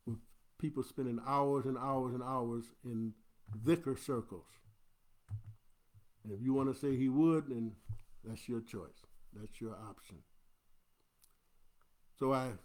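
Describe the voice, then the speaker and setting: A man's voice: medium pitch, a little mellow. A man, an imam, giving an earnest, instructive Friday sermon into a livestream camera.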